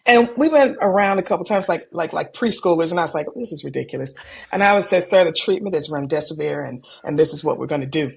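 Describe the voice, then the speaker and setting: A middle-aged woman, an emergency room doctor, telling stories from her work in a calm, candid way and livening up when she quotes people. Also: sits low, quick pace, vocal fry, few pauses, husky. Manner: calm, candid, animated when quoting others. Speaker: ER physician guest. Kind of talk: conversational storytelling.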